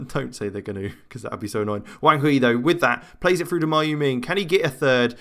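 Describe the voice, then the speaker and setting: A man talking through his own football management game in a loose, chatty way, filling the gaps with "uh" and "I mean" and thinking aloud between plays. His pitch sits in an ordinary middle range for a man, neither deep nor high. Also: brisk, creaky, few pauses, fairly bright tone. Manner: chatty, rambling match commentary with self-talk and frequent fillers. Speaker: gaming channel host. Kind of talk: let's-play gameplay commentary.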